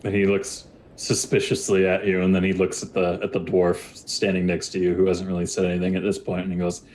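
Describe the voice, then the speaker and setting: A man guides a tabletop game as game master, talking loosely and chattily through each scene. His voice sits on the low side. A faint rumble runs beneath the recording. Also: monotone, a little fast, a little mellow. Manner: casual, filler-heavy narration.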